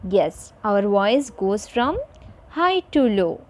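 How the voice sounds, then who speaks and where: A woman's voice: medium pitch, very animated, slow. A woman teacher giving a recorded video lesson to children, repeating each point and checking in with "fine" and "okay".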